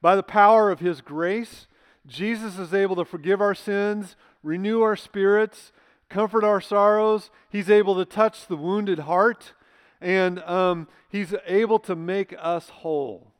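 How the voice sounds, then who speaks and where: Here the pastor's high voice is smooth and steady in tone, unhurried as he delivers his sermon. Speaking emphatically and conversationally in the church sanctuary, he poses rhetorical questions, and the hall's long reverb trails his words.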